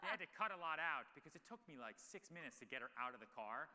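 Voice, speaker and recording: A man's voice: on the high side, animated, fast talker, pushed and bright. A man in his thirties telling stories animatedly with many fillers in a live on-stage Q&A at a large event hall. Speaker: guest speaker.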